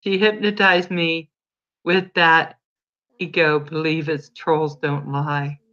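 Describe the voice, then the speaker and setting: A woman's voice: deep voice, little pitch movement, takes it slowly, fairly bright tone, muffled recording. A woman hosting a casual livestream, chatting with viewers by name and telling stories. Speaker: livestream host.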